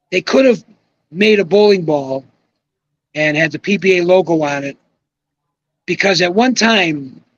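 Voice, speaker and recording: A man's voice: fairly high pitch, fairly bright tone, lo-fi sound. A man, a retired bowling pro, giving rambling, hesitant opinions in a casual podcast chat.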